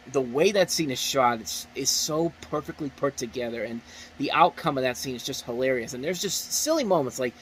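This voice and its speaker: A man's voice: medium pitch, a bit bright, slight background noise, poor audio. A man giving a casual spoken movie review, enthusiastic and rambling, often restarting his sentences.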